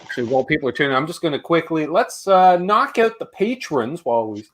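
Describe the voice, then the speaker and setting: A man's voice: a little high, animated, quick pace, fairly bright tone. A middle-aged Canadian man co-hosting a live guitar stream, chatting casually and reading out viewer names.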